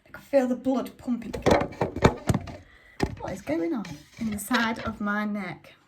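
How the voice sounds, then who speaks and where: A woman reading a novel aloud in the first person, careful and measured, slowing down on addresses and numbers. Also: on the high side, lively intonation, noisy background. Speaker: audiobook reader.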